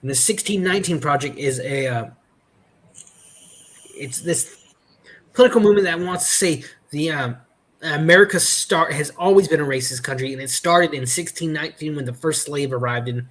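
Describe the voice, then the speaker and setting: A man chatting casually on a podcast, telling stories in a halting way with many restarts and fillers. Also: fairly high pitch, a bit bright. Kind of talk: casual chat.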